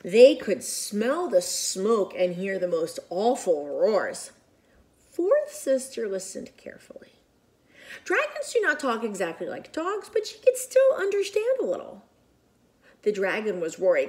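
A woman reading a picture book aloud to children in an expressive, animated way with whispered asides. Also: a little high, a little slow. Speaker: children's storyteller.

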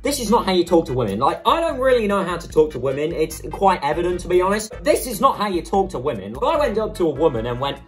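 A man's voice: sits high, sing-song, fast, few pauses, faint music behind. A young man hosting a comedic reaction video, with crude, sarcastic, rambling commentary.

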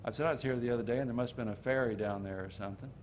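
An older man delivers a sermon as a string of homespun stories. His voice sits at an ordinary middle pitch, and he slows down deliberately to drive each point home. A faint low rumble runs under the recording. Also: darkish tone. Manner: folksy storytelling preaching, slowing for emphasis. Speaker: preacher.

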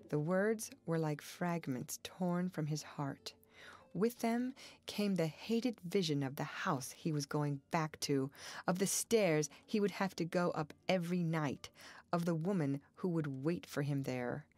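A woman narrates a classic novel as an audiobook reader. Her delivery is measured and expressive, and her voice sits a little low. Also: no room sound. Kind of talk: scripted narration.

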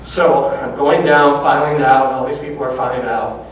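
A male lecturer spins a personal anecdote, acting out each person's lines as they come up. He sits at an ordinary middle pitch. The voice reaches us from a distance, wrapped in heavy hall reverb with faint noise underneath. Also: normal speed. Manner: animated anecdotes with quoted dialogue. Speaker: public speaker. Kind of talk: storytelling lecture. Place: large auditorium. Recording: very echoey hall from far off.

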